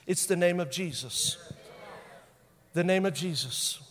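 A man with a high voice delivers a sermon as a pastor, and his voice rings with the long reverb of a large hall. He hammers home his points by repeating them. He swings from loud bursts to hushed intensity. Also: measured pace. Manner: emphatic, repeats key phrases for effect.

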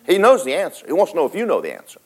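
A man preaching a sermon, telling a story dramatically, switching between loud and hushed and talking straight to the congregation. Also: fairly high pitch, wildly swooping pitch, rapid-fire, husky. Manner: folksy, speaks to the congregation directly.

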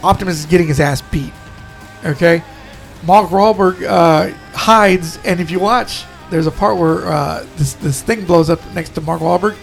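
A man's voice: fairly high pitch, normal speed, gravelly, soft background music. A man co-hosting a casual podcast chat, telling rambling, profane stories full of restarts. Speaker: podcast co-host.

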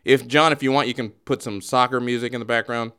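A man's voice: mid-range voice, fairly even intonation, fast talker, bright, forceful tone, clean tone. A man hosting a podcast in casual chat, joking around and rambling through a playful play-by-play. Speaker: podcast host.

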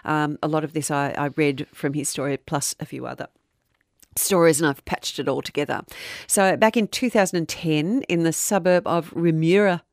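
A middle-aged woman with a low voice hosts a casual podcast. She talks in a chatty, self-deprecating way. The sound is close and dry. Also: moderate pace, creaky, no echo. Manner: chatty, self-deprecating storyteller reading listener messages. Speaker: podcast co-host. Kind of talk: casual true-crime podcast chat.

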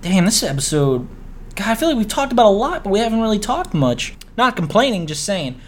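A man with a somewhat raised pitch hosts a relaxed podcast conversation. He is laid-back, laughs easily and swears casually as he leads the talk. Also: a little fast. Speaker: podcast host. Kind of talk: casual chat.

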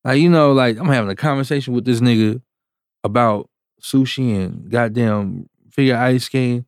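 Animated man telling a slangy story. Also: medium pitch, moderate pace, clean tone, no room sound, clean studio sound. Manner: animated, slangy, acts out quoted voices. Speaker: music producer telling a story. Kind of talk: casual storytelling.

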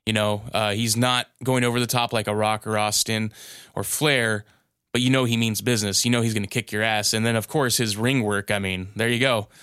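A male co-host talks in a smooth, clear, slightly low voice, earnest and repetitive, with casual swearing. The sound is dry and close to the mic. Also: steady tone, a little fast, fairly bright tone, no echo. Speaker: podcast co-host. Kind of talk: casual podcast chat.

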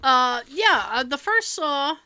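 Woman, podcast co-host, casual movie chat, laughs and swears, lively swings in pitch, bright. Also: slow, no echo.

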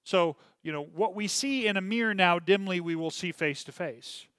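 A man's voice: high-pitched, moderate pace, fairly bright tone, clear, resonant tone, no room sound, studio quality. A man, a pastor, teaching a church class in a conversational way, often checking in with "okay?" and reading passages aloud. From Minnesota. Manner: many fillers and restarts, reads passages aloud.

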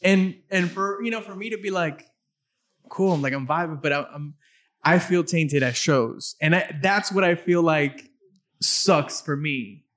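A middle-aged man hosting a casual interview, talking in a halting way and often repeating his words. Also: a little high, fairly bright tone. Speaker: interview host.

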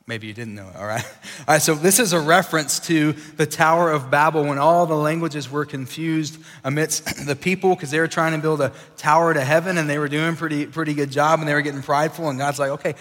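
Young male preacher, casual and animated, acts out voices, slightly high voice, big hall reverb. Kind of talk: casual sermon to young adults.

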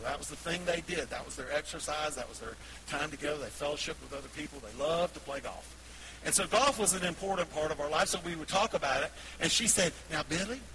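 Pastor guy preaching in church, kinda high voice, folksy stories, noisy background. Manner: folksy storytelling, laughing warmly at his own stories. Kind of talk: sermon. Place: church sanctuary.

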